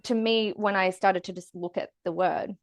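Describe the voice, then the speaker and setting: A woman guest on a podcast, telling stories in a fast, animated and emotive way with quick restarts. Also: mid-range voice, no room sound, clean studio sound. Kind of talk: casual conversational interview.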